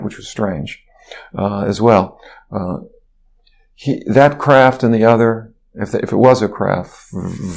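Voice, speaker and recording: A man's voice: lowish voice, creaky, darkish tone. A man, a physician guest on an interview show, telling a long anecdote in a rambling way, with fillers and restarts. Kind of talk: storytelling interview.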